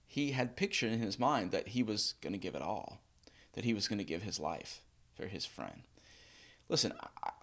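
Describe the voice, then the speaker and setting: A man with a low voice tells a story to his group in an earnest, lively way. His pitch rises and falls a lot. He pauses often to find his words. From United States. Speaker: pastor. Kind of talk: house group teaching talk.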